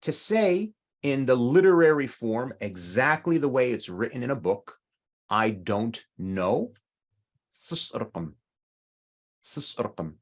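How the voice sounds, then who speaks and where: A man's voice: mid-range voice, big pitch swings, a little slow. A middle-aged man teaching an online language class over a video call, patiently explaining with examples. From North America.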